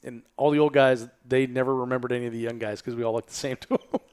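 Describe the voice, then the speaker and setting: A man's voice: mid-range voice, steady tone, fast, darkish tone, clear, resonant tone. A man hosting a podcast, chatting casually and telling anecdotes. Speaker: podcast host. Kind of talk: casual chat.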